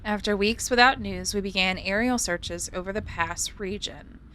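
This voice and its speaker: A woman reads as an earnest investigator man on a snowy trail. Her voice is bright and steady, with no real attempt at a different voice, and there is a faint hum behind. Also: mid-range voice, normal speed, natural voice. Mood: somber. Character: investigator man reading game dialogue.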